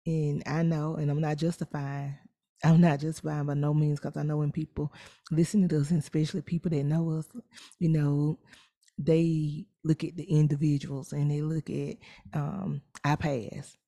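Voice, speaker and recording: A woman co-hosting a podcast, reflecting in a measured, casual way. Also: low-pitched, level tone, dark tone. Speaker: podcast co-host.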